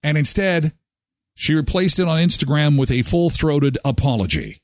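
A man's voice: a little high, sing-song, moderate pace, dry recording, clean studio sound. A man hosting a daily morning show, ranting and sarcastic as he reacts to news items. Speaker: host. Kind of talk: opinionated morning-show talk.

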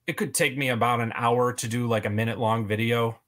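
A man's voice: medium pitch, fairly even intonation, fairly quick, a bit bright. Rambling man with many fillers. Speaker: podcast guest, toy video creator. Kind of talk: casual interview chat.

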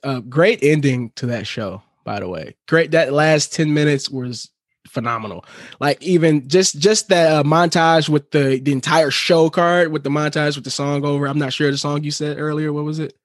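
Excitable man, dry close sound. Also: a little high, moderate pace, no room sound. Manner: excited, swears freely, short reactions. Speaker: podcast co-host. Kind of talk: casual recap chat.

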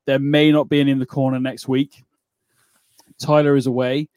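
Male podcast host, relaxed and friendly, dry close-mic sound. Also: medium pitch, normal speed, dry recording. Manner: easygoing, laughs often, says "mate". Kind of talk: casual chat.

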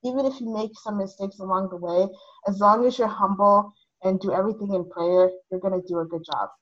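A confident woman speaks as a diversity practitioner on a discussion panel, laying out definitions precisely. Her voice is at an average pitch, and the audio sounds a little dull. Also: steady tone, a little fast.

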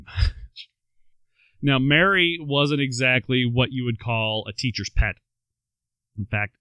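A man's voice: mid-range voice, pushed and bright, clean tone, no echo. A man co-hosting a podcast, telling a life story and reading quotes aloud, with wry asides between them. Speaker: podcast co-host. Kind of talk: storytelling chat.

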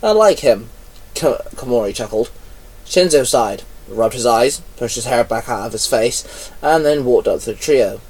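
A man's voice: medium pitch, normal speed, darkish tone, husky, distant mic, rough recording. A man reading a fan-written story aloud, giving the characters barely any voice of their own. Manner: reads plainly, barely changes voice for characters. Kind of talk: amateur read-aloud narration.

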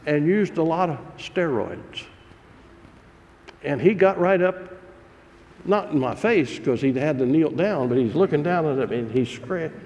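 A pastor preaching a sermon, telling stories in a folksy, earnest way. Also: male voice, on the high side, darkish tone. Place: church sanctuary. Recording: long reverb of a large hall.

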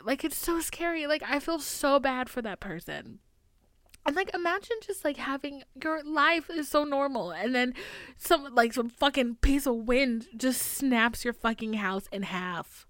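Young woman host, somewhat high voice, profane and rambling, dry close sound. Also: fairly bright tone, dry recording. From United States. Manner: profane, rambling, fast-talking, laughs to cope. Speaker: podcast host. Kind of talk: casual confessional monologue.

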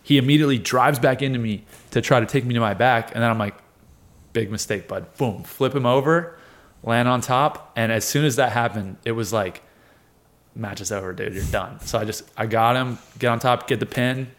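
A man in his twenties, a guest on an interview show, telling a lively story and acting out what people said, with frequent laughs. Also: medium pitch, brisk. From United States. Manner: animated storyteller, acts out quotes, laughs often. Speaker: guest, wrestler and fighter.

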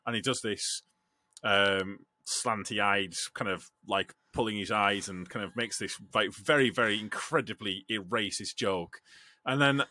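A podcast host tells stories in a fairly low, unhurried voice, animated and casually swearing. He restarts his sentences a lot as the casual chat rolls on.

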